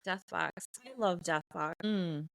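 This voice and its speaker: A woman's voice: fairly low pitch, slow, fairly bright tone, no room sound, studio quality. A woman co-hosting a podcast in casual chat, flustered and laughing a lot. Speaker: podcast co-host.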